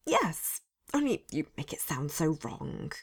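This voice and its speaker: A woman voicing a cheerful, eager male skeleton who is tall and lanky, speaking hopefully and with excited outbursts. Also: fairly low pitch, unhurried, gravelly, exaggerated voice. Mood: earnest. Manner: hopeful, bursts into excited exclamations.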